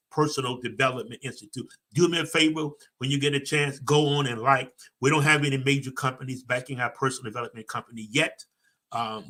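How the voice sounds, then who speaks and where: A man's voice: a little high, sharp tone. A man, a personal development coach giving a preachy, emphatic motivational talk to a livestream audience, speaking folksy and direct.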